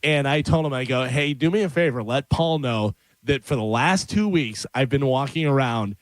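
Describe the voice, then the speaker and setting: A man hosting a radio show, chatting casually and telling animated stories with frequent laughs. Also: mid-range voice, normal speed, dry recording. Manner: animated storyteller, laughs often. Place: radio studio. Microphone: studio microphone.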